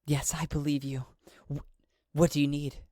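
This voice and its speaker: A man's voice: on the high side, level tone, moderate pace, darkish tone, no echo, studio quality, natural voice. A man narrating a solo tabletop game and voicing a frightened woman in her late thirties, an accountant, who stammers nervously. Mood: cooperative.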